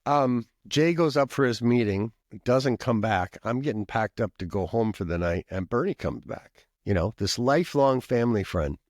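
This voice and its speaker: His voice mid-range and expressive, the podcast guest, a pastor and professor from Minnesota, talks at a moderate pace with few pauses, recorded in studio quality without room sound. He meanders conversationally through a long personal story, with asides and frequent coughs.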